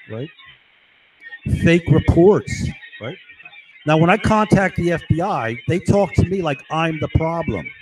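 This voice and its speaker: A man's voice: fairly high pitch, rough recording. Worked-up guy ranting, swearing, keeps going right? okay?, voice jumps around a lot. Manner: agitated, repeatedly asks right and okay; swears and shouts insults. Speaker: vlogger. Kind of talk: angry rant to camera.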